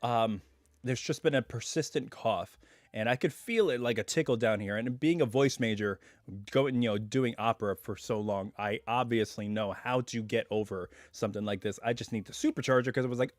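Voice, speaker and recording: A man hosts a casual live stream from home, rambling through his chat with plenty of asides. His voice, medium in pitch and moderate in pace, is still a little hoarse as it recovers, captured at studio quality with no room sound.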